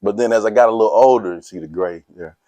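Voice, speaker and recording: A middle-aged man giving a motivational talk to a sports team, energetic and casual, quizzing his listeners and laughing often. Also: lowish voice, fast talker, no room sound. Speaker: motivational speaker.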